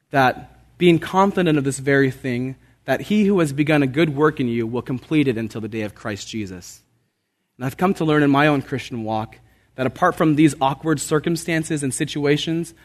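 A man pastor preaching a sermon in an earnest, emphatic way, repeating phrases and rising in pitch for emphasis.

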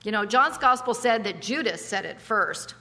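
A woman delivers a conversational sermon with a bright, forceful voice. She speaks emphatically and mixes in chatty asides and rhetorical questions, and her voice carries a long reverb from a large hall. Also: mid-range voice, lively intonation, normal speed. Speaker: preacher.

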